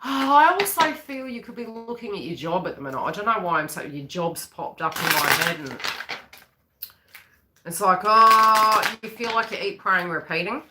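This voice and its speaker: A woman's voice: medium pitch, moderate pace, background noise. A woman psychic reader on a live stream, chatting in a rambling way and acting out the voices she quotes.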